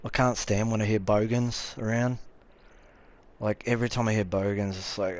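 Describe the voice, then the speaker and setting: A man's voice: on the low side, flat delivery, normal speed. A young Australian man streaming a game live, chatting offhandedly with his viewers, swearing freely, and answering chat comments as they come in. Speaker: gaming streamer.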